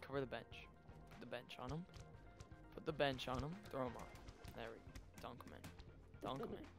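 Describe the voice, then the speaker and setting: A young man giving casual, excitable commentary while playing a video game. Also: medium pitch, a little fast, over music. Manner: excitable, yelps and shouts at sudden moments. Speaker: gaming video host.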